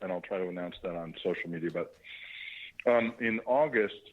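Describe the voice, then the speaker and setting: Middle-aged male guest on a phone line. Lowish, chatty, halting, with muffled sound. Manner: chatty, halting, with many fillers. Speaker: actor guest. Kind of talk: phone interview on a radio show.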